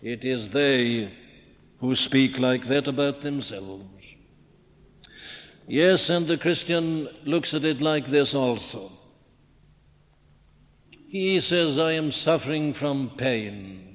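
A man's voice: medium pitch, takes it slowly, long pauses, dull audio. A man preaching a sermon with earnest rhetorical questions, building to fervent emphasis, recorded on an old archival tape. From Wales. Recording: old archival tape, phone-thin sound, long hall reverb.

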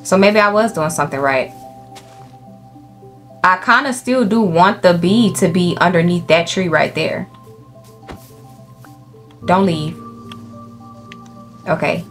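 Young woman gaming host, animated and cussing, faint music behind. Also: on the low side, slow, long pauses. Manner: animated, profane, talks to the game animals and viewers. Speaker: gaming YouTuber. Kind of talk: casual let's-play commentary. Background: faint game music.

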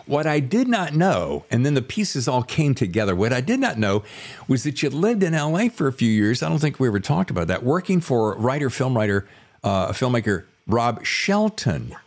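A middle-aged man hosting an interview podcast, chatty and teasing, often jumping into high mock voices. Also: big pitch swings, moderate pace. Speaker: podcast host.

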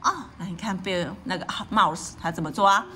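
A woman's voice: fairly low pitch, a little fast, pushed and bright, a little hiss or hum. A woman reading a storybook aloud to a child, explaining each page and often asking the child questions. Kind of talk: bilingual read-aloud.

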